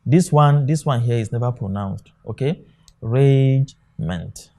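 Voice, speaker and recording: A man's voice: medium pitch, normal speed, warm tone. A man teaching an exam-prep lesson, often asking a question and answering it himself. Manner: drilling, asks questions then answers them himself. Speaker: English tutor.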